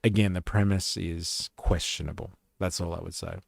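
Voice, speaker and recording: A man's voice: low voice, fairly even intonation, moderate pace, gravelly, no echo, studio quality. A man hosting a live stream, casually commenting on clips in a rambling way with lots of fillers.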